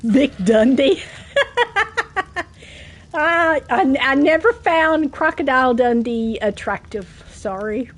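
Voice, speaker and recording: A woman with a Southern US accent, chatting casually while streaming a game, getting over a cough, self-deprecating and quick to laugh. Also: sits high, a bit bright. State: coughing from a cold.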